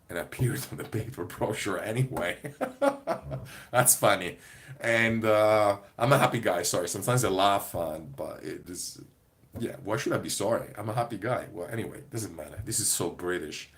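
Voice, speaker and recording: A comedy performer chatting casually to camera in a rambling, digressive way, often breaking into laughter. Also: male voice, low-pitched, fairly bright tone. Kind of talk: casual vlog monologue.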